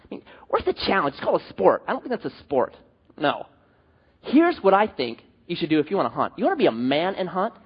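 Animated, high-voiced male preacher. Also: fast, breathy edge. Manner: animated, joking storyteller. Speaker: pastor. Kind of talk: sermon. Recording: dull sound, long hall reverb.

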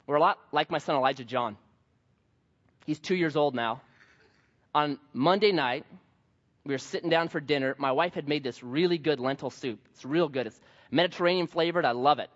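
A man in his thirties preaching a sermon, telling stories and acting out the voices of the people in them. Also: fairly high pitch. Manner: animated storytelling, acts out voices. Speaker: pastor. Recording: dull sound with long hall reverb.

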